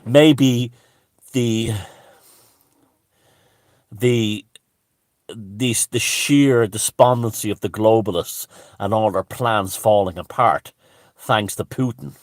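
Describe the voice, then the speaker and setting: In a dry recording with no room sound, a man with a lowish voice rants crudely and scornfully as an alternative-thinking commentator, swearing heavily throughout his monologue.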